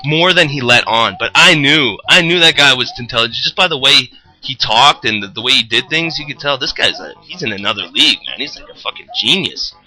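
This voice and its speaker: In a low-quality recording, a young man talks briskly in a mid-range voice. Chatting casually, he gives a rambling, profane and animated account of his work as a roofer.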